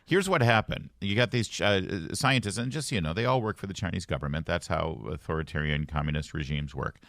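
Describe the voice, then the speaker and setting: A man's voice: low voice, brisk, a bit bright, dry recording. A man hosting a morning talk radio show, reading news items with wry jokes in a studio. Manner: wry, joking, reads news items aloud. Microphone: studio mic.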